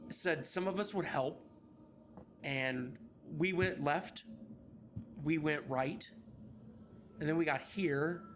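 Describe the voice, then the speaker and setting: A man voicing a haunted returned captive who says "we" and talks in halting, broken phrases. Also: on the high side, a bit bright. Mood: dazed. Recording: background noise.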